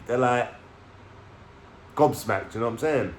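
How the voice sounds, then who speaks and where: Man, streetwise vlogger telling his story, swears freely, tags lines with "yeah?", mid-pitched, in a roomy echoey space. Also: unhurried. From London. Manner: streetwise slang, swearing, keeps checking in with "yeah?". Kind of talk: casual storytelling to camera. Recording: echoey room with faint background noise.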